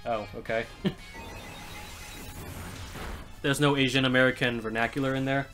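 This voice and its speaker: A male streamer talks through a live game session, joking with his chat and laughing often. His voice is bright and clear, sitting at a middle pitch. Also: steady tone, normal speed, soft background music. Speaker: let's play streamer. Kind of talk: live gameplay commentary.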